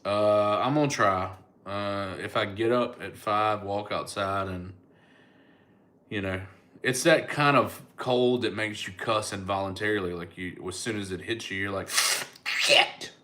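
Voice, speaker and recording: A man's voice: on the low side, unhurried, a bit bright. A middle-aged man, a comedian chatting casually on a livestream and answering viewers' comments. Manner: laid-back, chatty, thanks viewers by name.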